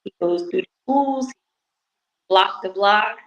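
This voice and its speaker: A woman's voice: medium pitch, slow. A woman guest on a talk show, speaking as a youth program coach. She gives plain, matter-of-fact answers in a casual interview chat. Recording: muffled lo-fi audio.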